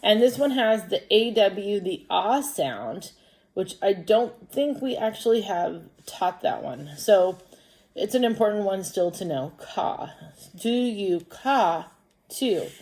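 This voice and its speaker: A woman's voice: mid-range voice, expressive, measured pace, a little mellow. A woman teaching a first grade lesson by video, patiently explaining reading and math step by step for young children. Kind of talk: recorded distance-learning lesson.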